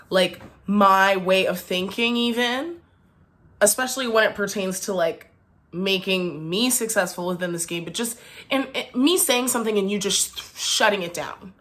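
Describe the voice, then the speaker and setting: A woman's voice: mid-range voice, fairly bright tone. A young woman vlogger telling a storytime tale, chatty and indignant, full of "like". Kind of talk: storytime vlog.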